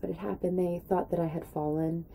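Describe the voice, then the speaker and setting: A young woman telling a rambling story in a casual vlog, acting out what people said in a higher voice. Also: steady tone, brisk, vocal fry, mellow, slight background noise, rough recording. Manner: chatty, rambling, acts out quotes in a high voice. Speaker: vlogger.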